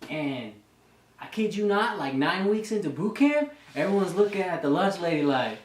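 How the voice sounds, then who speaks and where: A young fitness vlogger and reservist in his twenties casually tells profane boot camp stories between sets at an indoor gym, laughing and acting out drill instructors. His voice sits high with big pitch swings and a moderate pace. The recording is reverberant, with a little hiss or hum.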